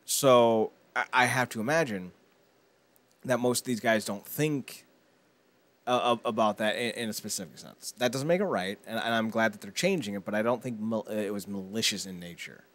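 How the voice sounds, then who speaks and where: A man's voice: on the low side, moderate pace, a bit bright, no echo. A man co-hosting a casual gaming podcast, rambling with restarts and breaking into profane comic rants. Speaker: podcast co-host.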